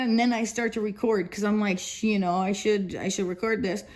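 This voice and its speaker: Woman in her fifties, slightly high voice, rambling vlog story, laughs a lot, blunt. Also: a little fast, hardly any pauses. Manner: rambling, repetitive, laughs often between phrases; blunt and profane. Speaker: vlogger.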